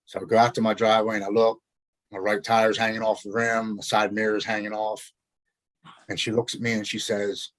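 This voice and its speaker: A man with a lowish voice tells a personal story as a podcast guest. His delivery is earnest and halting, with words repeated as he searches for them. The sound is dry and close. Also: level tone, no echo, poor audio.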